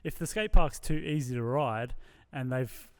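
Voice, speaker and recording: Smooth-voiced podcast host. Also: male voice, medium pitch, unhurried. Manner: thoughtful, rambling with restarts. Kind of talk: casual podcast chat.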